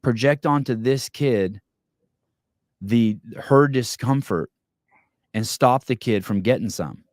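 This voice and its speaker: A man hosting a podcast, telling a long story in a casual, animated way, swearing often and restarting his sentences. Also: mid-range voice, takes it slowly, pauses often, no room sound, clean studio sound. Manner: animated, profane, rambling with many restarts. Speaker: podcast host.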